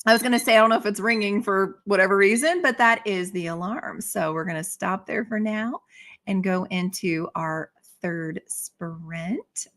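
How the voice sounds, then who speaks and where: A woman hosting a casual live stream, chatting brightly and reacting to viewer comments. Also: mid-range voice, normal speed. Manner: bubbly, reads viewer comments aloud. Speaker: livestream host.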